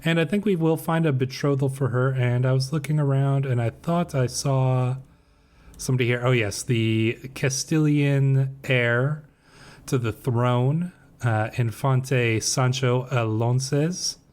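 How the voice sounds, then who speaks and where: Slow, musing man narrating his game. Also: mid-range voice. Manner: relaxed, musing, with frequent fillers and self-corrections. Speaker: game roleplay streamer. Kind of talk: casual commentary on a strategy game.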